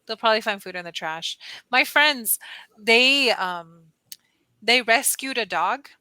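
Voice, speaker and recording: A woman with a bright, forceful, fairly high voice chats casually as an online English tutor. She tells stories animatedly, leaning heavily on "like" and acting out quotes in high squeals. The sound is dry and close, as on a video call. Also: expressive, measured pace, smooth, dry recording, low-quality recording. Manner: heavy use of "like" as filler. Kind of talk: casual conversation lesson.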